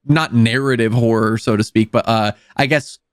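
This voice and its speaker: A man's voice: medium pitch, steady tone, moderate pace, smooth, no echo, studio quality. A man co-hosting a podcast, reviewing a film in casual chat and often hunting for words with many fillers. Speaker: podcast co-host.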